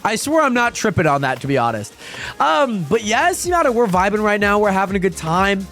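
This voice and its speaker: A young man on a gaming livestream, talking to chat in a high voice that swings all over the place. He rambles casually to his viewers and bursts into yelps during fights. Dance pop music plays faintly behind him. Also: a little fast. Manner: chatty, addresses viewers constantly, yelps excitedly during fights. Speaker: live streamer.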